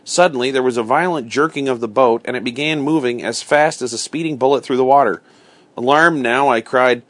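Man, bedtime story reading, steady and expressive, mid pitch, dry close sound. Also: brisk, no echo. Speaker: reader.

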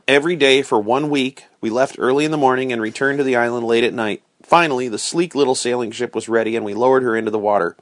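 A man reading a storybook aloud in a steady, expressive storytelling manner. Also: mid-range voice, fast, hardly any pauses, no room sound, clean studio sound. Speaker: reader.

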